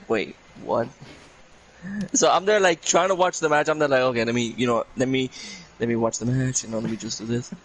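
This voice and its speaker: A man's voice: medium pitch, rough recording. A man from Puerto Rico, a guest on a casual podcast, telling a story in a rambling way and repeating "I'm there like".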